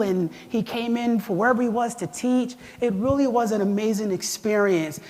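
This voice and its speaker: A man in his thirties giving an energetic keynote speech, animated and chatty, joking at his own expense and calling out to the audience. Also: high voice. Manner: animated, chatty, self-deprecating, with audience call-outs. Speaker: keynote speaker. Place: large event hall. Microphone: lapel mic. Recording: long hall reverb.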